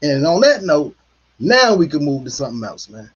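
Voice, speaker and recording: A man's voice: a little high, sing-song, normal speed, breathy edge. A man delivering an angry, blunt commentary monologue full of profanity and repetition. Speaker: political commentary host. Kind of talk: heated monologue. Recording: dull lo-fi recording.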